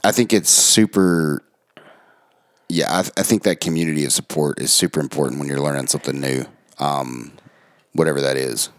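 A man co-hosting a podcast, agreeable and thinking out loud in casual chat. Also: a bass voice, fairly even intonation, moderate pace, no room sound, clean studio sound. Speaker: podcast co-host.

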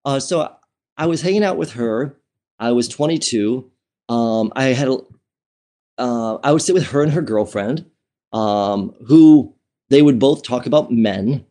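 A man at an ordinary middle pitch tells a personal story to an interviewer at a measured pace, his tone mellow. Chatty and candid, he restarts sentences, pads them with fillers, and laughs easily as he goes.

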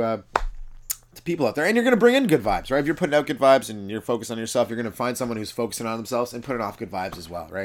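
A man, a comedian hosting his own podcast, rambling through profane stories in a casual monologue. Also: mid-range voice. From Canada.

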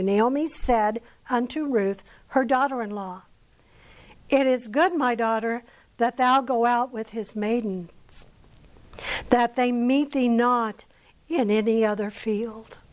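A woman's voice: fairly high pitch, a little slow, low-quality recording. An American woman teaching a Bible lesson at church in a conversational way, asking her listeners questions as she goes. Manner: conversational, asks the audience questions. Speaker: women's Bible study teacher.

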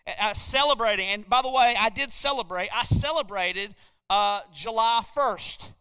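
High, bright-voiced preacher man. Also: normal speed, smooth. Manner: preaching with sudden swells and drops in volume. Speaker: pastor. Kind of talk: sermon. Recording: long hall reverb.

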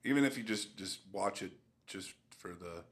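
A young man co-hosting a casual podcast chat, rambling and trailing off softly at the ends of thoughts. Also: low-pitched, normal speed, slightly rough. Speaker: podcast co-host.

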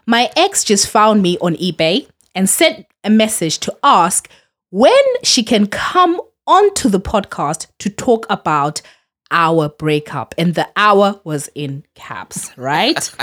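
A woman's voice: mid-range voice, big pitch swings, takes it slowly, fairly bright tone. A woman co-presenting a podcast, telling a story playfully with plenty of fillers. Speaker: guest co-presenter. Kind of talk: casual podcast chat.

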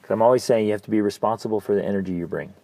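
A family coach hosts a casual podcast, his voice on the low side and very fast, recorded dry. He tells stories earnestly, dropping to a soft, near-whispered emphasis on the key points.

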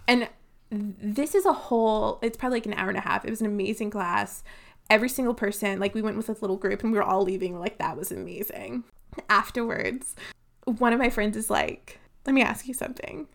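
A woman's voice: mid-range voice, brisk, creaky, a bit bright. A woman co-hosting a book podcast, telling stories in a chatty way, full of "like". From Louisiana. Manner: chatty storyteller, many "like"s. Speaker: podcast co-host. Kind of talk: casual book podcast chat.

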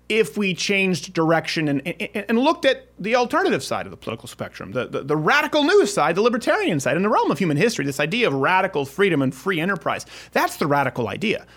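Sarcastic man with a lively voice. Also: sits high. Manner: sarcastic, rambling with frequent restarts. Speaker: podcast host. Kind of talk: casual political talk show chat.

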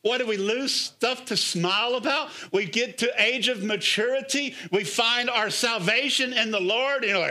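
A middle-aged male pastor with a high, bright, forceful voice preaches energetically. He coaxes his listeners with rhetorical questions and repeated calls of "come on.". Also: moderate pace, hardly any pauses. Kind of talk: sermon.

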